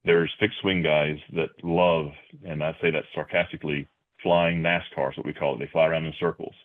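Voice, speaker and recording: A man talking as a podcast guest in conversational interview answers, measured and full of "you know" and repeated words, heard over a tinny remote line. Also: extremely low pitch, fairly even intonation.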